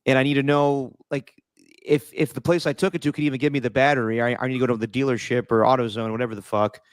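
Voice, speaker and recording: A man's voice: medium pitch, fairly even intonation, fast talker, no room sound. A man co-hosting a podcast, telling a story in an exasperated, swearing way with stammers. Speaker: podcast co-host. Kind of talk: casual chat.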